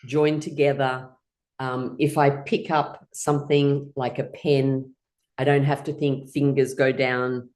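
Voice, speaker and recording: A middle-aged woman leading an online laughter yoga class, cheerful and encouraging, quick to break into laughter. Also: a bass voice, a little mellow.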